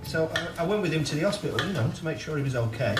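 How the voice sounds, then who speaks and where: A man's voice: a little high, expressive, racing, crowd noise, lightly acted. A man playing a nervous young man who is caught lying, hesitant and stammering in a TV drama. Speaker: soap opera character. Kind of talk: TV drama acting.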